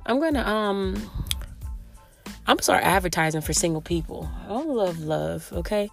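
A woman hosting a casual podcast, talking loudly and joking with speech. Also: medium pitch, moderate pace, creaky, faint music behind. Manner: loud, animated, joking, with bursts of laughter. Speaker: podcast host.

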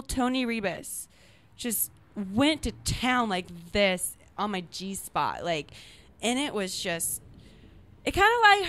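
A woman's voice: fairly high pitch, fairly bright tone, dry recording. A young adult woman chatting candidly as a podcast guest, giggling as she tells stories. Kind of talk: casual chat.

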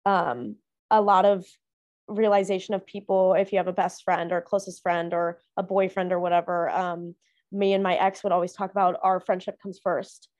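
A woman's voice: fairly low pitch, fairly even intonation, normal speed, darkish tone, no echo, muffled recording. A young woman talking casually about friendship in a rambling way, full of "like" and restarts. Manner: rambling, heavy use of "like" and fillers. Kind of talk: casual personal chat.

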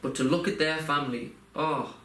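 A man's voice: fairly high pitch, fairly even intonation, moderate pace, bright, forceful tone. A young man telling a personal story in a rambling, heartfelt way, full of fillers and restarts. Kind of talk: casual podcast chat. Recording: roomy echo, faint background noise.

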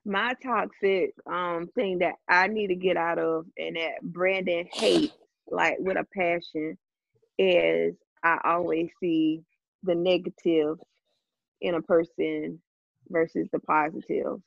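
Woman, low voice, reflective, dull lo-fi recording. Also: steady tone, slow, vocal fry, dry recording. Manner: thoughtful, self-reflective. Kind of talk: casual chat.

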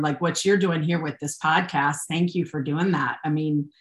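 A woman with a low, fairly even voice speaks at a moderate pace as a guest on a faith podcast. In this casual conversation she talks earnestly about serving God, rambling with restarts and becoming emotional, and the room sounds echoey.

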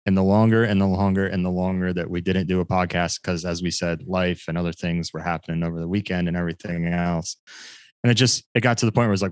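A man's voice: low-pitched, fast talker, dry recording. A man hosting a casual sports podcast, chatty and jokey, laughing often. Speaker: podcast host.

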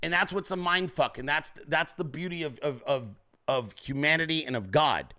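A man's voice: a little high, moderate pace, pushed and bright. A man hosting a livestream, ranting profanely and combatively at commenters in his chat. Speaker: show host.

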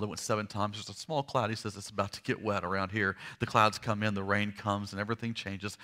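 Bright-voiced man preaching with dramatic swings. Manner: dramatic storytelling, swinging from loud emphasis to hushed lows; slows down to stress key lines. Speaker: pastor. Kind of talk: sermon.

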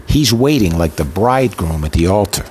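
A man's voice: low voice, animated, normal speed, a little mellow, a little hiss or hum. A man preaching a sermon with an impassioned, emotional delivery built on rhythmic repetition. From Italian heritage.

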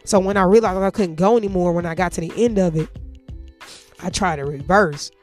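A woman's voice: fairly low pitch, brisk, darkish tone, soft background music. A woman telling a story in casual, profanity-heavy speech.

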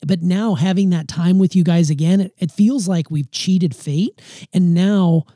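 A man's voice: high voice, a little slow, warm tone, dry recording, clean studio sound. A man in his forties hosting a podcast with his daughter, talking candidly and playfully about his own faults. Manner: candid, self-deprecating, playful. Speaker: podcast host. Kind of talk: casual family podcast chat.

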